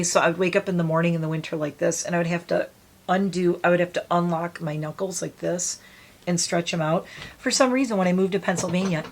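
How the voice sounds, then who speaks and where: A woman's voice: fairly low pitch, darkish tone. A woman in her forties chatting casually as she does her makeup, rambling and self-deprecating. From United States. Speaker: beauty vlogger. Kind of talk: casual get-ready-with-me chat.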